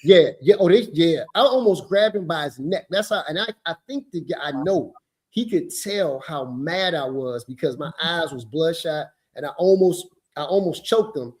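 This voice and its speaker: A man in his fifties, a podcast host telling a story in an emphatic, animated way. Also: fairly high pitch, moderate pace.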